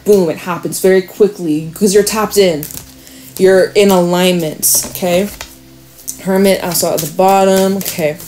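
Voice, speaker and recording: A woman talking through a tarot spread in a chatty, friendly way, slipping in easy laughs and reassurances to her viewers. Her voice sits at an ordinary middle pitch, with faint music under it. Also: warm tone. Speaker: tarot reader. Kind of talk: casual tarot reading to camera.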